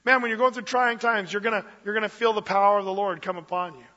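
A man preaching a sermon as pastor, lively and conversational, with playful asides. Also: sits high, fast talker. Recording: dull lo-fi sound, long reverb of a hall.

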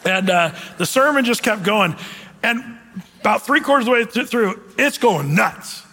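A man preaching a sermon as pastor, animated when he tells a story, then leading a closing prayer in a church hall. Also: high voice, moderate pace, slight background noise. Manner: animated, grows excited and laughing while retelling. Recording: reverberant hall sound.

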